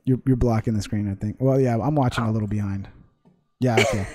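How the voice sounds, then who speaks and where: A man's voice: on the low side, fairly even intonation, fast talker, mellow, no echo. A man hosting a casual live stream, rambling and laughing often while reading chat comments aloud. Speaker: livestream host.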